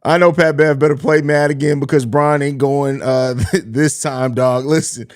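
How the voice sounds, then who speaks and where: A man's voice: mid-range voice, fairly even intonation, normal speed. A man hosting a live pregame sports stream, bantering in slang and laughing often. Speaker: podcast host.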